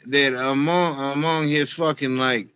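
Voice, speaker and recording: A man's voice: fairly high pitch, fairly even intonation, unhurried, a bit bright, smooth. Slangy man ranting on a podcast. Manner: heated, profane, slangy ranting. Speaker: podcast co-host. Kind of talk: casual podcast banter.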